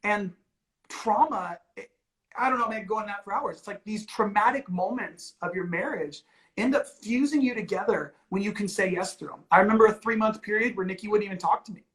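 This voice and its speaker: A man's voice: high voice, brisk, fairly bright tone, rough recording. A man and ministry leader talking candidly and earnestly, with many "like"s and "you know"s. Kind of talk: candid conversational talk.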